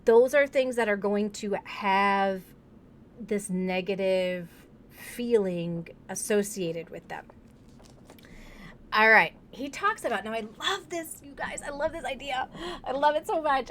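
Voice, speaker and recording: A woman's voice: mid-range voice, unhurried, slight background noise. A woman from Wisconsin, a business coach, leading a live book discussion in an enthusiastic, gushing way, full of fillers. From Wisconsin, USA. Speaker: online tutoring business coach.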